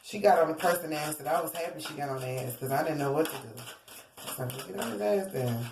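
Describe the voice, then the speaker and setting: A woman's voice: low voice, fairly even intonation, quick pace, noisy background. A woman giving a casual tarot reading to her viewers, rambling and theatrical, often calling them y'all. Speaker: tarot reader. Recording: roomy echo, distant from mic.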